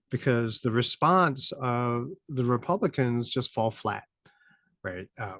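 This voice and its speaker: A middle-aged man hosts a podcast in casual commentary, his voice sitting at a mid pitch. The recording is close and dry, with no room around it. He rambles, laughs in disbelief and climbs to incredulous peaks. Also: a bit bright, no room sound. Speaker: podcast host.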